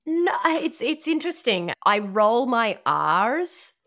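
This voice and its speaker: A woman's voice: fairly high pitch, very animated, takes it slowly, a bit bright. Chatty Australian woman. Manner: chatty, laughs easily. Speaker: podcast guest. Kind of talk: casual interview chat.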